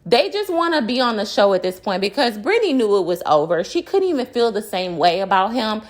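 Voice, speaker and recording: A woman giving casual, animated commentary on a reality dating show, opinionated and full of slang and emphatic repetition. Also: mid-range voice, a little fast.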